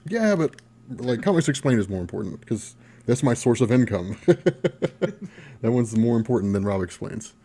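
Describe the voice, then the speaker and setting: A young man hosting a casual live stream Q&A about comics, chatty and quick to laugh, reading viewer questions aloud. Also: medium pitch, expressive, warm tone. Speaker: comics channel host.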